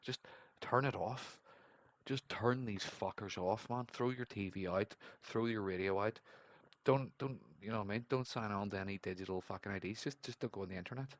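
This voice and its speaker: Blunt, swearing man with a low voice. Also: fairly quick, no echo. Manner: swears a lot, blunt and ranting. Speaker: podcast host reacting to a clip. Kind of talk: casual commentary.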